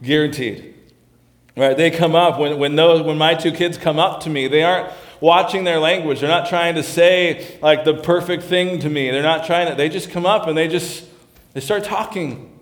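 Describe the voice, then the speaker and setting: A man's voice: a little high, normal speed. A man preaching a sermon as pastor, talking earnestly and often restarting and repeating his phrases. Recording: roomy echo.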